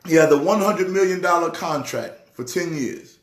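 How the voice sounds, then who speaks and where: A man who is a pastor, talking sports casually in an excitable way, repeating words with a preacher's rhythm. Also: a little high, normal speed, reverberant. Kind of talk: casual sports talk show.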